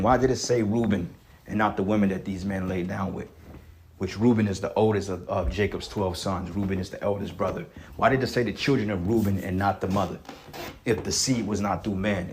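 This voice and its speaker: Blunt, profane, lower-voiced man. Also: a little mellow, slight background noise. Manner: blunt and profane, with frequent "okay" and "man" tags; reads scripture slowly and deliberately, stressing single words. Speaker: scripture teacher. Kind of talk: reading scripture aloud with heated commentary.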